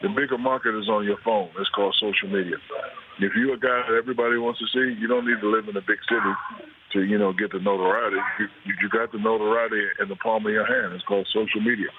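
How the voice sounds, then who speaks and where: A man's voice: on the low side, fairly even intonation, fast. A middle-aged man calling in from his home kitchen, talking in a laid-back way and repeating words while he finds his point. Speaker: guest on phone. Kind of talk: casual chat. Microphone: phone. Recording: tinny phone line with faint noise.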